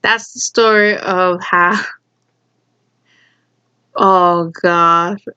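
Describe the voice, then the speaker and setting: A woman telling a story from her school days in a casual, rambling way, repeating herself and adding animated asides. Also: on the low side, drawn-out words, clear, resonant tone, dull audio. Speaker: storyteller vlogger.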